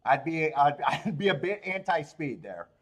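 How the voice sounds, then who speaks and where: Animated man hosting a racing stream. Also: fairly high pitch. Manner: animated, swearing, laughing, fast rambling with restarts. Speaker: host of a horse racing betting livestream. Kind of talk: casual livestream chat.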